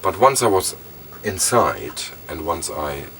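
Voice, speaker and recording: A man, a boat owner chatting casually and telling a story, often halting and repeating words. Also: sits low, big pitch swings, a bit bright, a little hiss or hum. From Germany. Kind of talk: casual chat. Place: on a small sailing boat outdoors.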